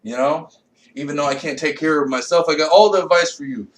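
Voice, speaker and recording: A young man, a comedian, giving a rambling, profane rant that swings from low mutters to loud outbursts. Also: brisk, distant mic. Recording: echoey room, a bit off-mic.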